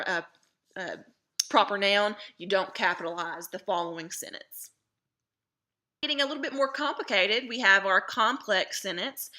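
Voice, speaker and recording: Woman, teacher, grammar lesson, patient explaining, clear bright tone. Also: medium pitch. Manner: explains slowly and patiently, stresses key terms.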